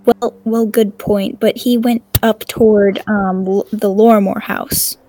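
A woman's voice: mid-range voice, fairly even intonation, unhurried, mellow. A woman playing a tabletop game, hesitant and full of fillers. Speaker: player. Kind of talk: casual tabletop play.

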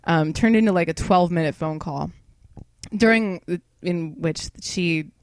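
A woman's voice: on the low side, a little slow, a little mellow, no room sound. A young woman co-hosting a podcast, a bit tipsy, rambling and swearing freely with lots of laughs. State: tipsy from wine. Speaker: podcast co-host. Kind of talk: casual chat.

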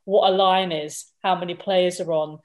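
A woman's voice: on the low side, steady tone, moderate pace, darkish tone. A woman co-hosting a casual podcast, chatty and explaining things in long lists. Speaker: podcast co-host.

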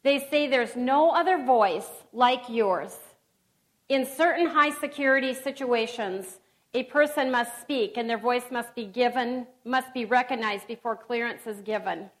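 A middle-aged woman preaches earnestly to a room of women, reading scripture aloud. She speaks slowly and deliberately in a fairly high voice, pausing and restarting as she builds her points. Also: rough recording. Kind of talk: sermon.

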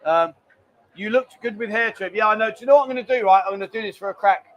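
Chatty man with a high voice. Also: quick pace, highs cut off. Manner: chatty and joking, reads out viewer messages. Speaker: live stream host. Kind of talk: casual live stream chat. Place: busy bar.

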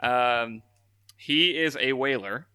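A man's voice: mid-range voice, takes it slowly, pushed and bright, clear, resonant tone, dry recording, clean studio sound. A man co-hosting a podcast in casual chat, often stopping to recap in disbelief and laughing. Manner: interrupts to recap, incredulous and laughing. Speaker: podcast co-host.

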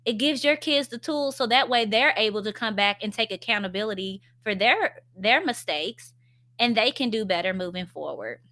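A woman's voice: medium pitch, lively intonation, normal speed, bright, forceful tone. A young woman, a stay-at-home mom, talking candidly to her followers in a casual vlog, with frequent fillers and self-deprecating laughs. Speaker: stay-at-home mom sharing parenting experiences.

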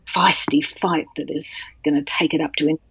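A woman author telling a personal story in an interview, halting and emotional with many restarts. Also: low voice, steady tone, slightly rough, no echo. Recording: dull, dry sound.

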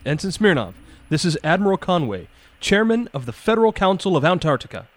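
An actor playing a formal, grave admiral. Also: male voice, high voice, sing-song, a little fast, no echo. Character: formal, stern admiral, male, middle-aged.

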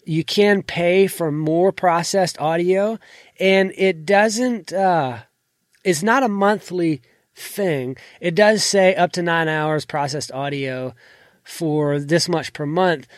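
A man's voice: slow, dry recording, studio quality. A man hosting a podcast, casually walking through his recording apps in a tutorial and trailing off at the ends of sentences. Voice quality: not a deep voice. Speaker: podcast host. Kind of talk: casual screen-share tutorial. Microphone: desk microphone.

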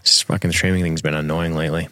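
A man's voice: a bass voice, flat delivery, fast talker, sharp tone, no echo, clean studio sound. A man co-hosting a podcast, chatting casually and profanely about a movie as he watches it, laughing often. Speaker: podcast co-host. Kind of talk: casual movie commentary chat. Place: home streaming setup.

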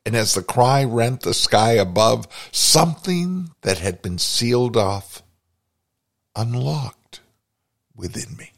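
Slow, gravelly-voiced man telling a story. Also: mid-range voice, sing-song. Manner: reflective, confessional. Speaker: podcast host. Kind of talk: personal storytelling narration.

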